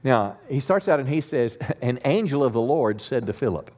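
A man's voice: medium pitch, animated, moderate pace, a little mellow. A male pastor preaching a sermon in a church, talking conversationally and leading the congregation in call-and-response. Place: church sanctuary.

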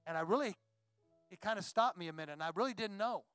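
A man with a high, smooth voice preaching in a church, retelling a Bible story with feeling. The sound is close and dry, with soft music faintly underneath. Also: animated, fast talker, dry recording. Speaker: pastor. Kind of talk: sermon.

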